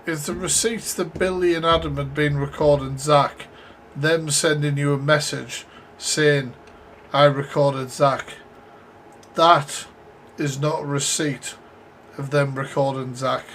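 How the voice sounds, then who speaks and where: A man's voice: fairly high pitch, steady tone, slow pace, a bit bright, slight background noise. A man from the UK reacting to clips on a live stream, blunt and swearing as he talks to his chat.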